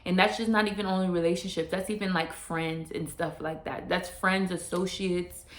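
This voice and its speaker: A woman's voice: lowish voice, fairly even intonation, normal speed. A woman vlogger giving earnest, casual life advice straight to the viewer, often repeating and restarting her phrases and dropping in slang. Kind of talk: casual motivational talk to camera. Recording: roomy echo.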